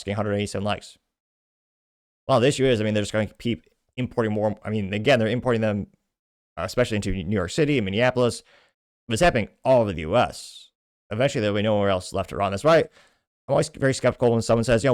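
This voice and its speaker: A man from Texas hosting a political commentary show, reading posts aloud with quick, opinionated asides. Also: on the low side, dry recording, studio quality. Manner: quick, opinionated, frequent restarts. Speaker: host.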